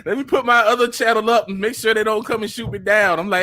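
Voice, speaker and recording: A man on a livestream panel, animated and laughing often as he jokes. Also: high voice, quick pace, few pauses. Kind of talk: casual livestream panel chat.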